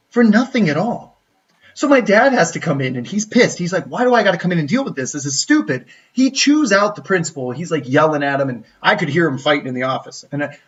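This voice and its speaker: Animated man telling a story from afar. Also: high voice. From United States. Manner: animated, acts out quoted people in his story. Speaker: college counselor, channel host. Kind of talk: casual storytelling livestream. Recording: dull lo-fi audio from a distant mic.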